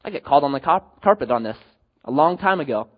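Male pastor, sermon, husky voice, lively swooping delivery, loud peaks and hushed drops, dull lo-fi sound. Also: quick pace. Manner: animated, swings from loud emphatic peaks to low quiet drops.

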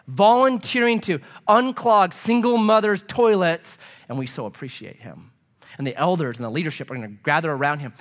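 A man preaching a sermon as pastor, earnest and emphatic, dropping to a soft hush as he prays. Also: high-pitched. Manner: drops to a soft hush for prayer.

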